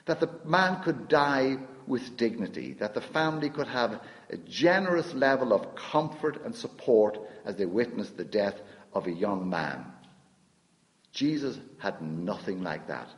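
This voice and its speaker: A man preaching a sermon, slow and emphatic, rising to stress a point and dropping to a hushed tone. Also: medium pitch, long reverb tail, low-quality recording.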